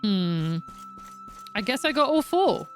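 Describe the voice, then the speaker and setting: A woman's voice: a little high, sing-song, takes it slowly, faint music behind. A woman streamer chatting casually and swearing while playing a game. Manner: chatty, swearing, self-mocking. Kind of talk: casual gaming commentary.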